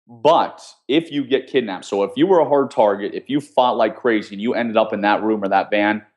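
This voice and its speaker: A man's voice: lowish voice, brisk. A man, a former intelligence officer, explaining survival techniques step by step as a guest in an interview. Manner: steady, instructive, explains step by step with examples. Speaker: guest, former CIA officer teaching escape skills. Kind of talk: conversational interview.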